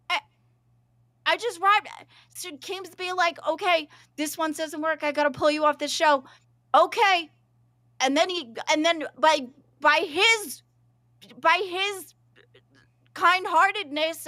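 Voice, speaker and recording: A woman, a show regular, ranting in a worked-up, emphatic way on a livestream, and her voice turns squeaky when she gets loud. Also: no echo, clean studio sound. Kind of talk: livestream reaction chat.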